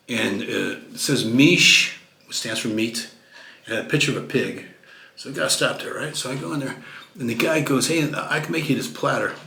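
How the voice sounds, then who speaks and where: A man's voice: medium pitch, creaky, a bit bright, reverberant. A man from Texas telling chatty travel anecdotes to camera, with lots of fillers and restarts. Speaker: vlogger. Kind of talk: casual storytelling to camera.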